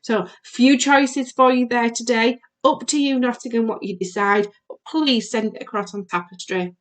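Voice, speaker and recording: A primary school teacher recording a video lesson for young children, asking questions in a sing-song way. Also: female voice, a little high, steady tone, moderate pace.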